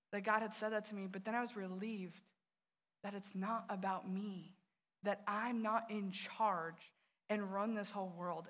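A woman's voice: mid-range voice, sharp tone. A woman youth director giving an earnest sermon, telling personal stories and speaking straight to the listeners.

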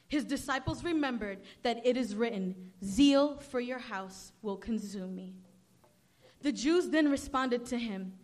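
A woman's voice: fairly high pitch, a little slow, a little mellow. Woman reading scripture aloud. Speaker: scripture reader.

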